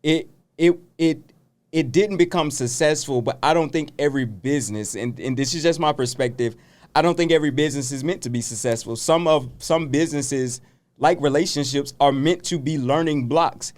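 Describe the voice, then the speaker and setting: A man's voice: a little high, moderate pace. A man who is a business coach and pastor, talking in a casual interview in an earnest, reflective, motivational way.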